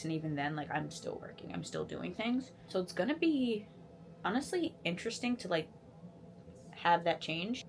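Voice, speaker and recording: Low-voiced woman in her twenties chatting. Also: a little hiss or hum. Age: 20s. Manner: rambling, self-deprecating, animated. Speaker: beauty content creator. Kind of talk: casual get-ready-with-me chat. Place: home, doing makeup.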